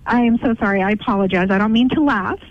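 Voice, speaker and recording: A woman's voice: mid-range voice, fast. Woman caller, flustered and apologetic, phone-line sound. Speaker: prank call target. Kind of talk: phone call.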